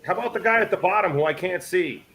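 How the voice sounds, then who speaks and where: A man on a fundraiser panel urges the audience to bid, pitching like an eager salesman. His voice sits a bit high for a man. Steady noise runs under the stream audio. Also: fast, gravelly. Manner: pushy salesman-style pitching. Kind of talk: casual chat.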